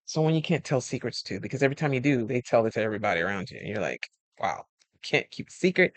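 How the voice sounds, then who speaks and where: Speaking very fast in a mid-range voice, a man who works as a life coach delivers a casual advice monologue on friendship, captured in a dry recording. He tells lively stories, imitates quoted friends, and laughs frequently.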